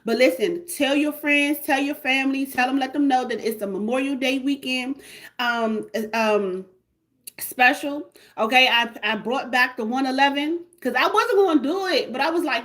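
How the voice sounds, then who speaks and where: Brief: hyped woman host, repetitive livestream sales pitch, voice a touch high. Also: normal speed, fairly bright tone. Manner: repetitive, hyped, call-and-response. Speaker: livestream host selling a membership.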